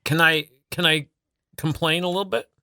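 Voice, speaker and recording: A man's voice: fairly high pitch, steady tone, moderate pace, sharp tone, no room sound. A man co-hosting a morning radio show in a studio, chatting casually and telling self-deprecating stories with plenty of fillers. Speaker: radio co-host. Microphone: studio microphone.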